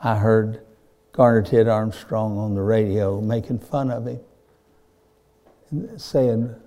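A man's voice: lowish voice, level tone, slow, long pauses, mellow. A man preaching a sermon, fervent and repetitive, rising to emphatic peaks. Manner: fervent, repeats "my friend", rises to emphatic peaks.

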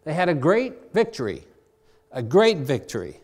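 Man, preacher, sermon, slightly high pitch, reads scripture, conversational, varied pace. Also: wildly swooping pitch, moderate pace. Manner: varies pace, drawing out key phrases and speeding up asides.

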